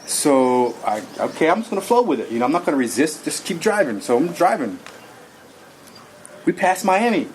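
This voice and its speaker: A man's voice: fairly high pitch, moderate pace. Man telling a rambling personal story. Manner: animated, rambling, acts out his own lines. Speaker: interview guest. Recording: noisy recording.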